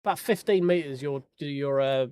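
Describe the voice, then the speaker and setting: A man's voice: a little high, normal speed, a little mellow, clean tone. A man streaming sim racing, chatting casually with viewers over race replays in a joking, sweary way. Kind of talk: casual live-stream chat while reviewing race replays.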